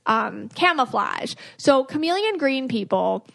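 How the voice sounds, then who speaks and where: A woman's voice: high voice, big pitch swings, unhurried, vocal fry, fairly bright tone. A woman hosting a podcast and reading auras, chatting casually, laughing often and acting out quoted voices. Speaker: podcast host, aura reader.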